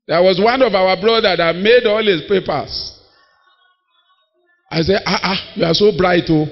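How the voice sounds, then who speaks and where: A man's voice: high voice, a little slow, vocal fry, long pauses. A man preaching a sermon, emphatic and storytelling, acting out the people in his stories. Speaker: pastor. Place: church hall. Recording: dull audio in a long-reverb hall.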